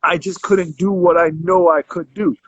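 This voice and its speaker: A health coach in his thirties, appearing as a guest in a casual interview, tells his story in a rambling way with many restarts. His voice is high-pitched and husky, with fairly even intonation and normal speed. The lo-fi recording is dull and dry, with no room sound.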